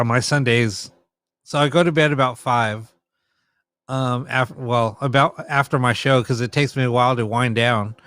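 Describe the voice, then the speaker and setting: A man hosts a late-night live stream, chatting loosely with viewers and playfully scolding them. His voice is smooth and clear, at an ordinary middle pitch. The sound is dry and close, with no room around it. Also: fairly bright tone, no echo. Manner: chatty, laughing, teasing back at viewers. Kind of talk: casual chat with live chat viewers.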